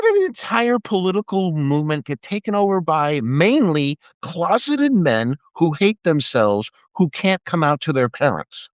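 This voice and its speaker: Speaking unhurriedly with hardly any pauses, this middle-aged ex-cop hosts a live video and delivers a very animated, profane, sarcastic political tirade, complete with mocking impressions. His voice runs high, captured by a phone or webcam in a dull, dry recording.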